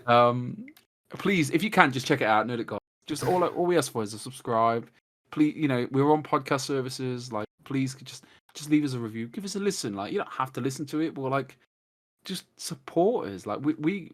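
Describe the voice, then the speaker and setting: An English man of average pitch talks on a podcast, piling story onto story with excited restarts. He swears freely and laughs at himself. His voice comes through a cheap microphone over a video call. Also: fairly quick. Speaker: podcast guest. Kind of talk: casual chat. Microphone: cheap desktop mic on a video call.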